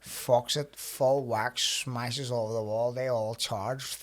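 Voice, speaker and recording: A man, a podcast guest telling a story in casual chat, animated and acting out quotes, swearing freely. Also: medium pitch, slow pace.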